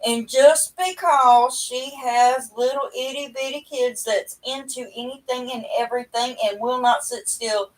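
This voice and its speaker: A middle-aged woman with a drawl, talking in a chatty, rambling, folksy way with a fairly high voice. She sits at home talking into a webcam, and her voice sounds a little far from the mic. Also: unhurried. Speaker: livestream host. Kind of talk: casual chat to viewers. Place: at home indoors.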